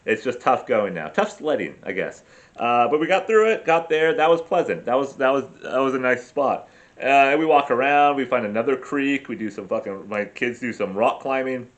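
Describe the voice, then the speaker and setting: A man talks loosely and at length, with plenty of swearing and self-mocking asides. His pitch sits in the middle range for a man. He speaks in a casual, unscripted vlog style. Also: lively intonation, normal speed. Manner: profane, rambling, self-deprecating storyteller. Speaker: vlogger. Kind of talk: rambling casual travel vlog.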